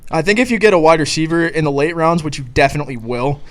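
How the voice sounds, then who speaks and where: A man's voice: fairly high pitch, lively intonation, fast talker. A man co-hosting a podcast, leading a casual sports debate and talking over the others as he runs through team rankings. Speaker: podcast co-host.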